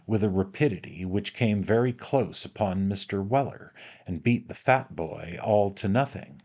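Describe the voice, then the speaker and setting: A man reading a classic novel aloud as an audiobook narrator, in a measured storytelling manner. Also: lowish voice, darkish tone.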